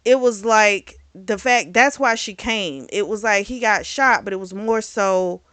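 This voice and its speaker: A woman reviewing a book in casual chat, retelling the plot in a chatty, animated way. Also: mid-range voice, unhurried, no echo. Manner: chatty, animated retelling with acted quotes and laughs.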